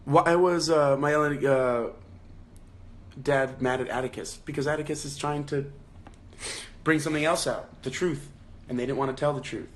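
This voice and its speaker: A young man hosting a casual livestream book club from his phone. He thinks out loud with many restarts and fillers, and raises his voice when he quotes lines. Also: fairly high pitch, steady tone, normal speed, pauses often, a little hiss or hum.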